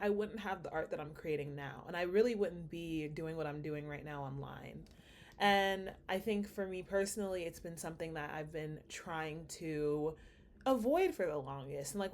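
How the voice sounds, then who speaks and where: A woman's voice: lowish voice, a little mellow. A woman with a slight Nigerian accent, vlogging in a casual, rambling way, thinking aloud with many fillers. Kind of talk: casual reflective monologue.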